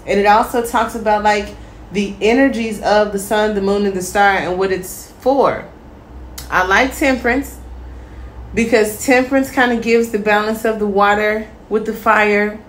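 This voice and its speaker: A woman's voice: mid-range voice, moderate pace, roomy sound, slight background noise. Chatty woman giving a tarot reading. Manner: chatty, encouraging, addresses viewers as "my star" and "my healers"; relaxed, with many fillers. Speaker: tarot reader. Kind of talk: casual tarot reading to viewers.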